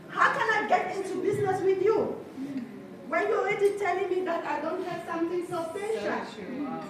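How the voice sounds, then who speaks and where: Speaking at a moderate pace with an extremely high-pitched voice, a French-accented life coach energetically addresses a live crowd, leading them in repeating phrases back to her. The recording comes from a big hall full of people, distant from the mic, echoey and noisy.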